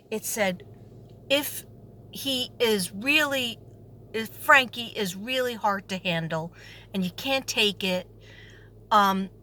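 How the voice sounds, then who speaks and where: Sarcastic New York woman telling a story. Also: mid-range voice. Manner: animated, sarcastic, acts out quoted voices. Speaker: substitute teacher. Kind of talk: storytelling vlog.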